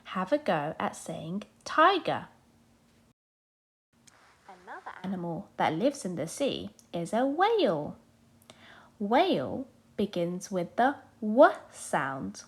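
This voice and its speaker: Woman, children's phonics teacher, lively sing-song pitch, unhurried, spells words out clearly. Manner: slow, clear and sing-song, sounding out letters for young learners.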